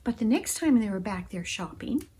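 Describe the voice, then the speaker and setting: A woman telling a story in an expressive, animated way, acting out voices and gasps. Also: mid-range voice, moderate pace, slightly rough. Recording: music playing behind.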